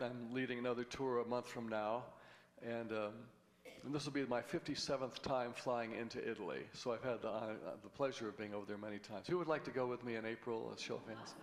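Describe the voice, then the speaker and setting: A middle-aged man giving a folksy sermon as a guest speaker, rambling through stories and jokes with frequent restarts. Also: medium pitch. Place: church sanctuary. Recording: long hall reverb.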